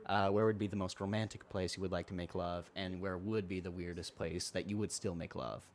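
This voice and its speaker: A man's voice: low-pitched, steady tone, fairly quick, a little hiss or hum. A man co-hosting a casual podcast chat, often stammering and repeating words as he starts his sentences. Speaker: podcast co-host.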